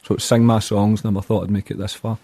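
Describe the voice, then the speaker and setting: Talking quickly in a low, slightly rough yet mellow voice with little pitch movement, this Glaswegian musician from Scotland answers a casual interview. He keeps it blunt and plain, dropping in local slang.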